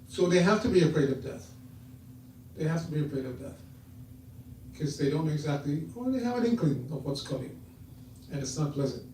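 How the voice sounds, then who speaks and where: Brief: male preacher, mellow tone, storytelling sermon, heard from across a reverberant hall. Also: on the high side, expressive, brisk, long pauses, slight background noise. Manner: storytelling, acts out quoted voices. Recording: echoey hall, voice from far off.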